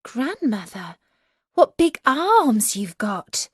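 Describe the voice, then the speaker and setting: A woman voicing a trusting, polite little country girl in a storybook, speaking slowly and in wonder. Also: fairly high pitch, big pitch swings, breathy edge, no room sound, clean studio sound, voice pushed up, exaggerated voice.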